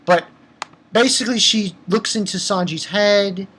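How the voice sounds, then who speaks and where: A man casually recapping a manga chapter for his channel, rambling and excitable, with lots of fillers and restarts. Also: sits high, a little slow, slight background noise. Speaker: manga review channel host.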